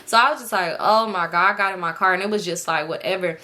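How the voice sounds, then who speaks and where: A woman's voice: lowish voice, fast. A young woman casually telling a personal story to her viewers, swearing freely and acting out what other people said. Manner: animated, swearing, slangy, acts out quoted voices. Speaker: storytime vlogger.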